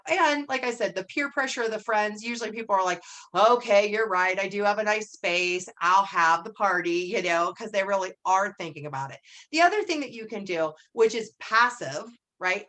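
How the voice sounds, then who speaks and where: A woman coaching her direct sales team in a casual training talk. She talks in a chatty way and acts out sample lines in a brighter voice. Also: medium pitch.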